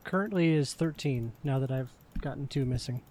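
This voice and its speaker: A man's voice: medium pitch, moderate pace, a little mellow. A man playing in a tabletop game, talking in an upbeat way. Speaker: player. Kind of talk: casual tabletop game chat.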